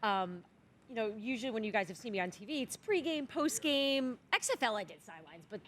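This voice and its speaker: A woman in her thirties who works as a sports reporter, talking quickly and chattily as a guest in a casual interview. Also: fairly high pitch, lively intonation, fairly bright tone, a little hiss or hum.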